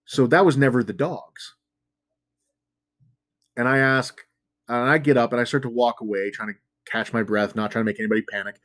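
A man's voice: mid-range voice, fairly even intonation, moderate pace, long pauses, a bit bright, dry recording. A man telling a spooky story in casual talk, rambling and full of fillers, joking about himself now and then. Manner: rambling, filler-heavy with frequent "like". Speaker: storyteller guest.

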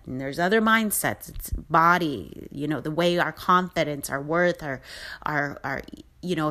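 A middle-aged woman hosts her own podcast, talking in a low voice. She rambles through a personal story with restarts and asides. Her tone is upbeat and motivational. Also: a bit bright. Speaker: podcast host. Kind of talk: casual storytelling monologue.

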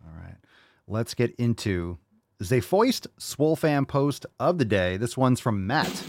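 A man's voice: mid-range voice, very animated, measured pace, dry recording, clean studio sound. Blunt, profane male podcast host. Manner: blunt, profane, tough-love ranting. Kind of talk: casual fitness podcast chat.

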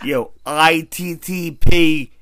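A man's voice: a little high, extremely slow, sharp tone, smooth. A young man in casual podcast chat, brash and joking, swearing freely.

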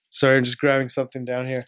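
A man hosting a podcast, relaxed and chatty, prompting his guest with follow-up questions. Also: mid-range voice, brisk. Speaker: podcast host. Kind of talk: casual interview chat.

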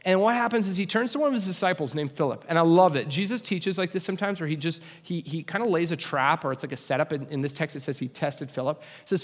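A man's voice: fairly high pitch, fast, hardly any pauses. A young man preaching a casual, conversational sermon with humorous asides. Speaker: pastor. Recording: long hall reverb.

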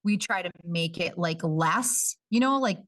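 A woman working in early childhood education, chatting casually on a podcast and acting out parents and kids in quick quoted voices. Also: on the low side, animated, fairly bright tone, recorded from a distance. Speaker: early childhood coordinator, guest.

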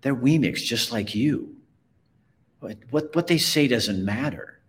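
A man's voice: mid-range voice, expressive, measured pace, pitched above the performer's own voice, close to an everyday voice. A man voicing a kindly toy maker who reassures a little toy, as he reads a story aloud. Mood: gentle, reassuring. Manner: gentle, reassuring. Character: kindly old male toy maker, gentle.

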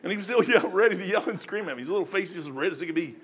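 A man preaching a sermon in a folksy storytelling way, breaking into loud shouts when he acts out prayers. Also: high-pitched, animated, rapid-fire, slightly rough.

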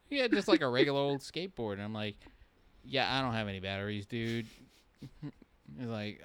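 A man with a lively, animated voice trading stories on a casual podcast. He laughs easily and slips into the voices of the people he quotes. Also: medium pitch, clean tone, no room sound. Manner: quick, laughing delivery, acts out quoted people. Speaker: podcast co-host. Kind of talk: casual chat.

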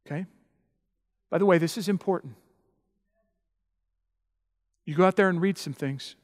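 A man's voice: high voice, quick pace. Preaching man in a reverberant hall. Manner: emphatic preaching, rising to loud passionate peaks. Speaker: pastor. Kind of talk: sermon.

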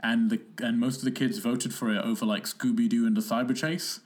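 A man's voice: mid-range voice, level tone, brisk, darkish tone. A young man, co-hosting a podcast in a casual, rambling chat full of fillers and laughs. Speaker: podcast co-host.

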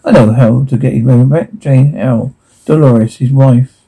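A man's voice: medium pitch, moderate pace, creaky, dark tone, breathy edge, poor audio. A man reading a drama script aloud, stage directions included, and speaking every part himself in a mostly plain voice.

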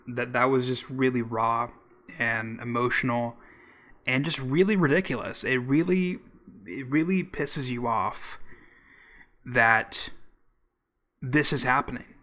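A man from Oklahoma hosting a podcast, commenting casually in a loose, halting way with repeated words. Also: medium pitch, bright, forceful tone. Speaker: podcast host.

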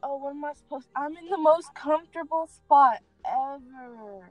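A woman's voice: high-pitched, steady tone, fairly quick, dry recording, faint music behind, rough recording. A young woman chatting casually from the back seat of a car, giggling and rambling as she swears freely. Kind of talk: casual chat.

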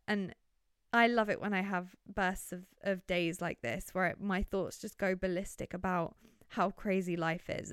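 A woman's voice: medium pitch, smooth, dry recording, studio quality. A young woman hosting a solo podcast, rambling in a chatty, giggly way full of wonder, recorded on her bed in her bedroom. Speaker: podcast host.

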